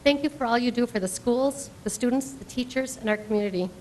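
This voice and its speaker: A woman's voice: on the high side, fast talker, darkish tone, a little hiss or hum. Woman offering thanks and blessings. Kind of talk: formal thanks at a meeting.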